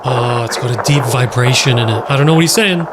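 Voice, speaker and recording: A man giving excitable, joking commentary while playing a horror game, talking straight to his viewers. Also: mid-range voice, quick pace, very noisy. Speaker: gaming YouTuber. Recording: loud game music underneath. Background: loud game music.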